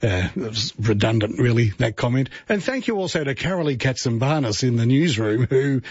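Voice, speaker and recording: An Australian man hosting a radio show, chatting casually with a slightly husky voice. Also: medium pitch, fairly quick, no room sound, highs cut off. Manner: chatty, joking, relaxed. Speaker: radio host. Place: radio studio. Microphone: studio mic.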